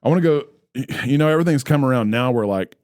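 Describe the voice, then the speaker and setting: A man's voice: medium pitch, expressive, quick pace, darkish tone, no echo, studio quality. A man in his late thirties co-hosting a podcast, rambling and opinionated in casual chat with jokes. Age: 30s. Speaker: podcast co-host.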